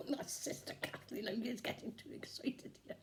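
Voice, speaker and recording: A woman's voice: sits high, sing-song, unhurried, dark tone. A woman playing a cheeky, gossiping nun in a chatty, improvised comic monologue, giggling often. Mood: giddy gossip.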